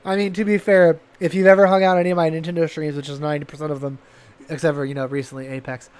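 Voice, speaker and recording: A high-pitched man co-hosts a gaming podcast in relaxed conversation. He rambles with enthusiasm, often breaking off and restarting his sentences, and his tone stays loose and chatty. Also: very fast, clear, resonant tone. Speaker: podcast co-host. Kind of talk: casual chat.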